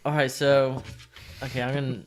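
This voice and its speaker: A man playing a tabletop game, chatting casually and joking with quick questions. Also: mid-range voice, level tone. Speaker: player.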